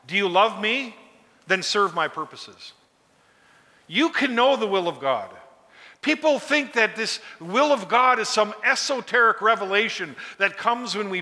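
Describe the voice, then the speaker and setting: Bright high-voiced male preacher in a reverberant hall. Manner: emphatic, repetitive exhortation. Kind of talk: sermon.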